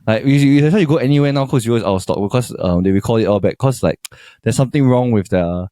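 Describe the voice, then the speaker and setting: A man's voice: medium pitch, quick pace, dark tone, no echo, clean studio sound. A man with a Singaporean English accent chatting and laughing easily on a casual podcast. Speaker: podcast co-host.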